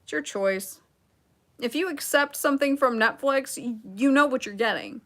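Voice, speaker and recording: A woman's voice: high-pitched, moderate pace, fairly bright tone. A young adult woman hosting a casual livestream, reading chat and talking in a blunt, sarcastic, rambling way with asides.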